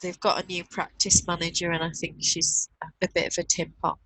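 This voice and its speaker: A woman's voice: lowish voice, flat delivery, brisk, fairly bright tone, dry recording, poor audio. A middle-aged woman with a Northern English accent, co-hosting a casual online chat and reading out viewer comments. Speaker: co-host. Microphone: video call.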